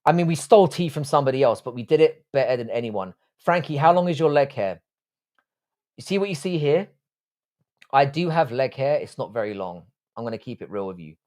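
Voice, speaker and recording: A man's voice: medium pitch, animated, brisk, a little mellow. Foul-mouthed man bantering on stream. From England. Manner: profane mock-insult banter. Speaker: live streamer. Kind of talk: casual live-stream chat, reading out chat.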